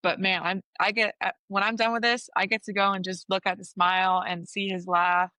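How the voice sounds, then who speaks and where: A woman in her thirties, a softball coach and player, talking earnestly about motherhood in an interview. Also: medium pitch, level tone, a little fast, no room sound. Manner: earnest and reflective, with restarts. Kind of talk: casual interview chat.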